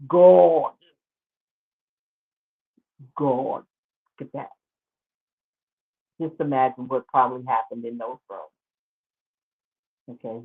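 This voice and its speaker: A woman's voice: a bass voice, slightly rough. A woman hosting a show, giving casual, sarcastic commentary as she exclaims over pictures. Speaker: show host. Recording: tinny phone-like line.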